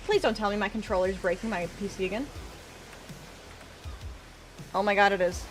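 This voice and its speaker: A woman's voice: mid-range voice, fairly even intonation, normal speed, faint music behind. A woman streaming from home, chatting casually and teasing her viewers in chat.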